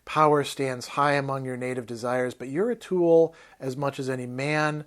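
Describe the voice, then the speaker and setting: A man's voice: medium pitch, steady tone, moderate pace, close to an everyday voice. A man reading aloud the lines of a fierce male barbarian warrior who talks in a blunt, contemptuous, lecturing way.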